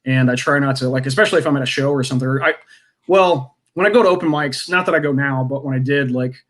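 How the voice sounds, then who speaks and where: A man's voice: medium pitch, fast talker, fairly bright tone. A man, a comedian guest on a podcast, chatting casually and rambling with many restarts. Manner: rambling, self-interrupting, laughs often.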